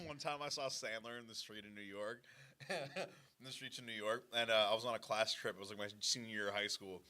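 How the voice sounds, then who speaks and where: Laughing, swearing young comedian. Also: male voice, on the low side, a little fast. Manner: laughs often, swears, acts out voices loudly. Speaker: comedian guest. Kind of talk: casual podcast chat.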